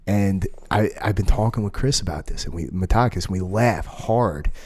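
A man's voice: low voice, moderate pace. A man co-hosting a casual podcast, telling rambling stories with plenty of swearing and restarts. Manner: rambling, profane, animated storytelling. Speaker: podcast co-host, jiu-jitsu school owner.

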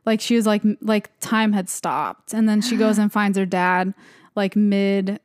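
A woman's voice: mid-range voice, steady tone, measured pace, a little mellow, no room sound, studio quality. A young woman co-hosting a podcast, casually retelling creepy stories with lots of "like" fillers. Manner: rambling with frequent "like" fillers. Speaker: podcast co-host. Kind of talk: casual storytelling chat.

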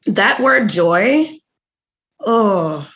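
A woman's voice: mid-range voice, expressive, drawn-out words, a bit bright. A woman from the US Northwest co-hosting a podcast, speaking in a casual, earnest and reflective way. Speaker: podcast co-host. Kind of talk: casual chat.

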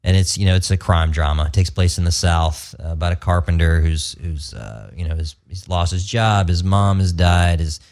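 A man's voice: low voice, normal speed, few pauses, darkish tone. A man as a filmmaker guest on a casual podcast interview, talking hesitantly with many fillers and restarts.

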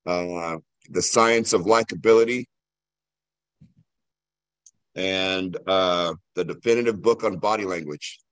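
A casual, folksy man with a fairly low voice. He sounds upbeat and easygoing. The sound is dry and close. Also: moderate pace, clean tone, no echo. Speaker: sales agent in a group discussion.

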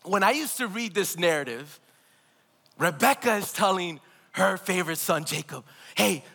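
High-voiced preacher, bright and ringing. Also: male voice, animated, normal speed, creaky. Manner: emphatic, calls on the congregation to repeat words; laughs and jokes between points. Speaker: pastor. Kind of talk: sermon. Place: large church hall, preaching live. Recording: long hall reverb.

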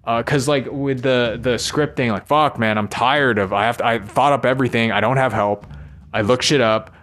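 A man venting in a loose, rambling monologue. He sounds worn out and frustrated, stopping and restarting his thoughts and swearing freely. His voice sits at an ordinary middle pitch. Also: steady tone, a bit bright, slight background noise. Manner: weary, frustrated venting, halting and profane. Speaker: vlogger.

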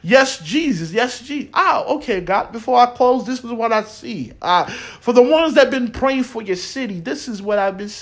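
A man delivering a fervent prophetic sermon, speaking in tongues, peppering his lines with "uh" and "huh," and often breaking into laughter. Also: sits high. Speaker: prophetic preacher. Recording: echoey room.

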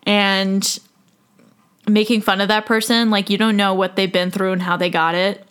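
A woman's voice: mid-range voice, little pitch movement, normal speed, fairly bright tone, clean tone. A woman in her twenties hosting a solo podcast, talking frankly and casually, joking and laughing often. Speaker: podcast host.

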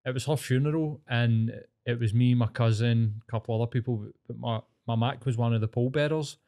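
A man's voice: mid-range voice, steady tone, a little fast, mellow. Sweary Glaswegian man in his forties. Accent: Glaswegian Scottish. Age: 40s. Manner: swears freely, rambling storyteller. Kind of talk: casual chat.

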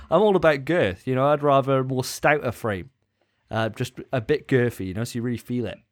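A man's voice: mid-range voice, moderate pace. A young man co-hosting a podcast, chatting casually with a jokey, self-mocking way of telling stories. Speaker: podcast co-host. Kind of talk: casual chat.

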